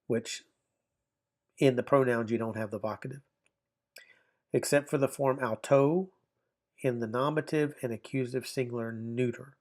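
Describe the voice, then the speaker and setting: A man's voice: medium pitch, steady tone, normal speed, pauses often, a little mellow. A man teaching a recorded online grammar lesson, explaining step by step and often repeating or rephrasing himself.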